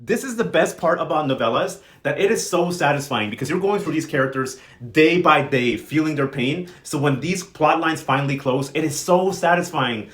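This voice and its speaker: A man's voice: fairly high pitch, normal speed. A man recapping a soap opera in casual, gossipy commentary, acting out the characters' lines with sass. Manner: gossipy, animated, acts out characters with quoted voices. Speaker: novela recap vlogger.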